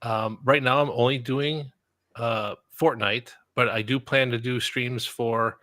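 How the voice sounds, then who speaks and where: Bright, dry-sounding man plugging channels. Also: medium pitch, steady tone, no echo. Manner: hurried, earnest plugging. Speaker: guest. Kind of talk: casual live-stream chat.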